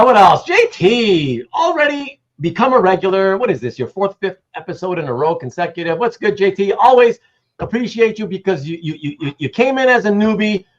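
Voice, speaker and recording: This clip, recorded with lo-fi sound, features a high, slightly bright male voice. He's a livestream host from Canada who wanders between topics, says hello to chatters by name, and drops the occasional casual curse.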